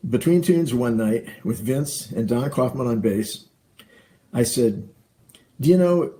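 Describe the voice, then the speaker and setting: Gravelly man reading a tribute. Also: lowish voice, dark tone. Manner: measured, formal reading. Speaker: musician giving a tribute. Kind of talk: read tribute.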